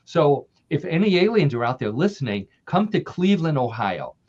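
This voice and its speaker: A man telling a story as a podcast guest in a relaxed, jokey way, chuckling along. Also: on the high side, moderate pace. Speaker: podcast guest, paranormal news writer. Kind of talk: casual interview storytelling. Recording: dull lo-fi sound.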